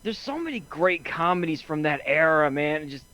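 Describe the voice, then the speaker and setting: A man's voice: a little high, very animated, moderate pace, bright, forceful tone, rough recording. A man co-hosting a casual chat, easygoing and enthusiastic as he muses. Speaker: podcast co-host.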